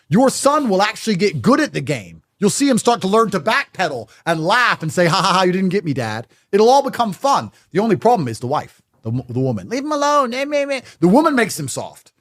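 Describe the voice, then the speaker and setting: A man speaking as a podcast guest in casual conversation, blunt and emphatic, laying out his views with a stubborn edge. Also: fairly high pitch.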